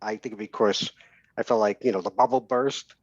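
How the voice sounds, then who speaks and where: A man's voice: on the low side, fairly even intonation, normal speed, slightly rough, no room sound. Middle-aged new york guy rambling candidly in an interview, dull lo-fi sound, dry. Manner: candid, rambling with restarts and laughs. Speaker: guest. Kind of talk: casual interview.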